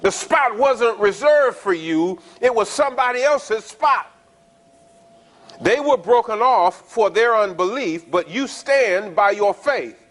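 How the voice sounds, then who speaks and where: A man preaching a sermon, explaining scripture in a conversational way, checking in with his listeners and slowing down to stress the verses. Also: high voice, expressive, fairly bright tone. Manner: explains scripture conversationally, often asking the congregation "right?"; reads verses slowly and stresses key words. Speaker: pastor.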